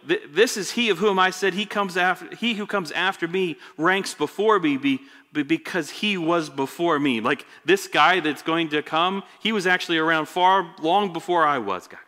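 Man preaching in an echoey hall. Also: fairly high pitch. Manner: expressive, repeats words, swings between loud emphasis and quiet drops. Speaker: pastor. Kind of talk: sermon.

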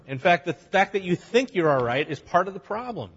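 Guy preaching in church, kinda husky, lots of hall echo, blunt and lively. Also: high voice, muffled recording. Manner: animated, acts out both sides of arguments in quick voices; blunt, plain-spoken. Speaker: pastor. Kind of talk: sermon. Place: church sanctuary.

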